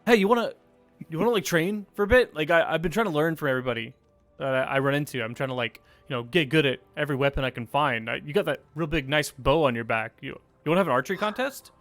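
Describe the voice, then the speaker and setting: A man voicing an excitable young male archer in training who stammers and rushes his words. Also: a little high, no echo, faint music behind. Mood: eager. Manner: excitable, stammering, talks fast.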